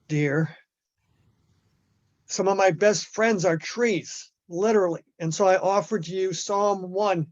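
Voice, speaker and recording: Man, high voice, emphatic activist on a muffled lo-fi call, stumbles and restarts. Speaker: activist in a group discussion. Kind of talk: impassioned group discussion.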